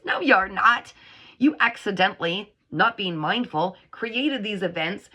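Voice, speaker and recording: Middle-aged woman psychic, chatty channeled reading to camera, crisp bright voice. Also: medium pitch, moderate pace. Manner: animated, chatty, acts out whiny voices. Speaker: psychic reader.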